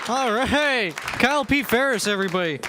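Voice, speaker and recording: A man's voice: extremely high pitch, lively intonation, normal speed, a loud crowd, very noisy. A man hosting a comedy show on a club stage, joking loosely while introducing the next act. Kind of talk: introducing acts. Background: audience.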